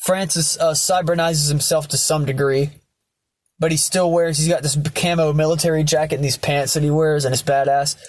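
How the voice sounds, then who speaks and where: A young man tells a story in a loose, rambling way, full of fillers and swearing. His voice sits slightly high for a man. The recording is dry and close. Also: fairly even intonation, moderate pace, no room sound. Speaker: vlogger. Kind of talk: casual storytelling.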